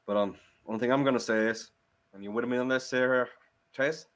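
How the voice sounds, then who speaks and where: A man at a tabletop game speaks in a loose, casual way. He hesitates often and leans on fillers, and his voice sits at a middle pitch. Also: fairly even intonation, moderate pace. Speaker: player. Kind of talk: tabletop role-play chat.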